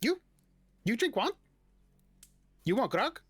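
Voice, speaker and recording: A man's voice: very high-pitched, very animated, takes it slowly, a bit bright, breathy edge, voice pushed up, exaggerated voice. A man voicing a dim, grubby male kobold barkeep who speaks in broken, clipped phrases. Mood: gruff.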